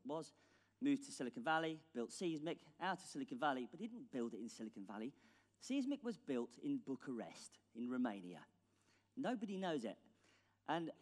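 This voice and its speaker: A British man giving a conference keynote in a blunt, ironic, casual manner with swearing. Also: medium pitch. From England. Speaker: conference speaker. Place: large conference hall stage. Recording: long hall reverb.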